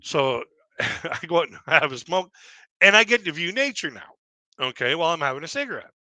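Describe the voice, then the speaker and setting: Middle-aged male comedian, loose self-deprecating storyteller; crisp, bright, dry close-mic sound. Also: a little high, sing-song, fairly quick, no echo. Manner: self-deprecating, chuckles often, lots of fillers. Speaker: stand-up comedian. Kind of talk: rambling comic storytelling.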